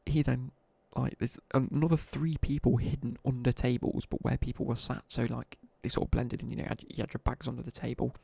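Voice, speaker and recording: A man's voice: mid-range voice, steady tone, fairly quick, creaky, hardly any pauses, dark tone, breathy edge, dry recording. A young man with a British accent telling laddish school stories in casual live-stream chat while gaming. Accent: British English. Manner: chatty, laddish anecdotes with slang, asides while gaming.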